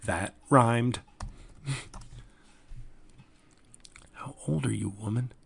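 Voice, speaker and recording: A man in his forties hosting a solo comedy podcast, rambling and self-mocking, sometimes breaking into loud excited yelling. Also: mid-range voice, extremely slow, creaky, breathy edge. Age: 40s.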